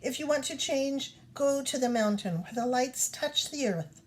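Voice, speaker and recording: A woman voicing a calm, firm wise old woman who speaks slowly and deliberately in a storybook reading. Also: high voice, voice pushed up. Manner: slow, deliberate.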